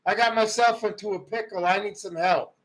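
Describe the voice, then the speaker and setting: A man's voice: high-pitched, fairly even intonation, brisk, a bit bright. A man voicing a male foreign leader pleading for aid, in a mocking, pleading tone. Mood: mocking plea.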